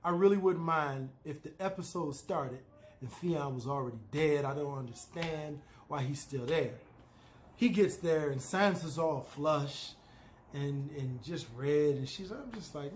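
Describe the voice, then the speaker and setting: A man's voice: a little high, unhurried, slight background noise. A man casually recapping a TV episode, loose and opinionated, peppering his talk with "you know" and "man".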